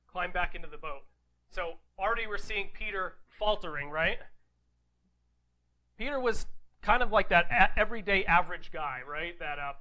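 A man's voice: high voice, sharp tone, low-quality recording. A man preaching a conversational sermon. He reads scripture aloud, then explains it in a casual way, with rhetorical questions and "right?" asides.

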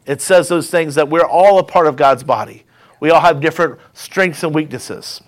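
A man's voice: a little high, moderate pace. A man, a pastor, preaching a sermon, telling a story and leading with call-and-response asides.

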